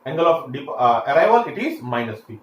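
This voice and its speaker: A man's voice: medium pitch, very animated, fairly quick, lo-fi sound. A man teaching a classroom lecture, explaining step by step with frequent fillers and restarts. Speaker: engineering lecturer. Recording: echoey room, faint background hiss.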